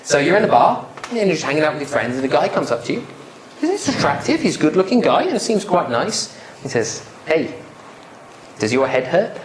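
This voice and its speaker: A man's voice: a little high, very animated, fairly quick, crowd noise. A man giving a live public speaking presentation, joking and questioning the audience in a lecture room. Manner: playful, joking, quizzes the audience. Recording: roomy hall sound, faint noise.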